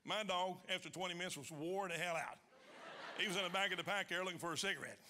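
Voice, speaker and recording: A man telling a funny hunting story on stage before a large audience, folksy and animated, loud in the quoted lines. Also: sits high, quick pace, heavy background noise. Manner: folksy, animated, shouting punchlines in quoted voices. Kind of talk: live comic storytelling.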